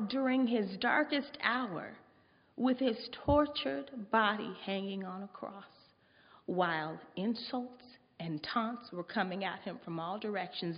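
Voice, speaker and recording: A woman preaching a sermon, retelling a story in a measured way. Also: medium pitch. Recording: dull sound with long hall reverb.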